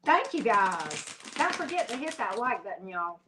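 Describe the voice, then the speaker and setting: A woman's voice: mid-range voice, big pitch swings, moderate pace, noisy background. Emphatic, folksy woman tarot reader. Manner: emphatic, folksy and chatty, with frequent "mm-hmm" asides. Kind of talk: live-stream tarot reading.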